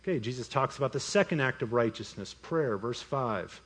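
A man's voice: medium pitch, lively intonation, moderate pace, fairly bright tone, slightly rough. A man preaching a sermon as pastor, breaking into voiced asides and mock inner monologues.

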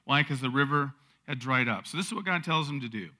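A man's voice: medium pitch, lively intonation, fairly quick. A man preaching a conversational sermon, retelling a Bible story with rhetorical questions and sudden swells of emphasis. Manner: drops soft for tender lines. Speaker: pastor.

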